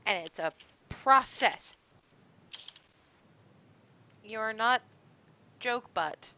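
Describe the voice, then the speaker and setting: A woman voicing a naive, kind young woman raised in a shrine, who gives gentle, rambling advice in childlike wording, in a tabletop role-play. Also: fairly high pitch, expressive, very slow, a little hiss or hum, exaggerated voice, rough recording.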